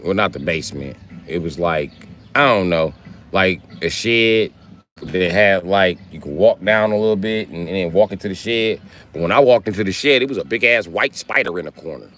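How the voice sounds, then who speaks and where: Animated profane man telling wild stories. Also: normal speed. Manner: animated, profane, acts out voices, jumps high in pitch. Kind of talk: profane stand-up storytelling.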